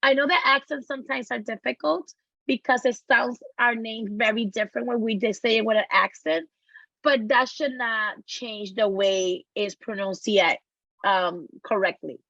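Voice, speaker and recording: A woman's voice: fairly high pitch, normal speed, creaky, a bit bright, dry recording. Earnest woman presenter, dull dry audio. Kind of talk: webinar panel answer. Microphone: video call.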